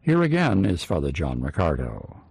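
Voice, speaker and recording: Deep gravelly male program announcer. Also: huge pitch swings, normal speed, darkish tone, no echo. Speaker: program host. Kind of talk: radio program introduction.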